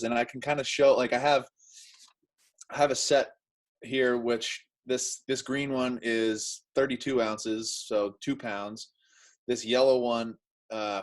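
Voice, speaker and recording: A man chatting casually as he explains and demonstrates arm training drills, with relaxed everyday examples. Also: medium pitch, low-quality recording. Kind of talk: casual instructional chat.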